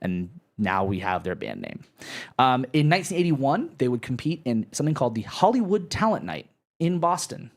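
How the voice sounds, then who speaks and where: Young dude podcast host, loose and rambly, lots of ums and f-bombs. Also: male voice, medium pitch, huge pitch swings, moderate pace. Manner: rambling, profane, lots of restarts and fillers. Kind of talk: casual live podcast chat.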